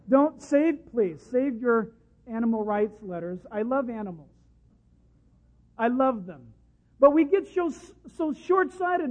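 Man preaching, high voice, impassioned sermon, tinny phone-like sound. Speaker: pastor. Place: church service.

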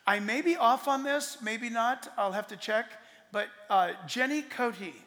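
A man in his sixties, a pastor answering audience questions in an emphatic, rambling way that swings between loud and soft. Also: very high-pitched, unhurried. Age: 60s. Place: large hall with audience. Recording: long hall reverb.

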